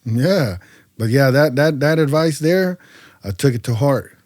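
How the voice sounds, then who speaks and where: A man from the Central Valley of California tells his story on a podcast, loose and animated, leaning on fillers as he goes. His voice sits at a middling pitch. It is caught close and dry, with no room sound around it. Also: measured pace, dry recording. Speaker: podcast guest. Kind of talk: casual storytelling interview.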